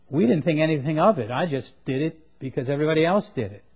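A man preaching a sermon, plain-spoken and folksy, who reads scripture in quick bursts and raises his voice for emphasis. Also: mid-range voice, lively intonation, a little mellow.

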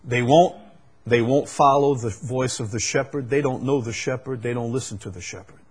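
A man with a breathy edge preaches at a moderate pace in church, his pastor's voice climbing to loud, emphatic peaks and dropping to quiet lows. He poses rhetorical questions to his congregation.

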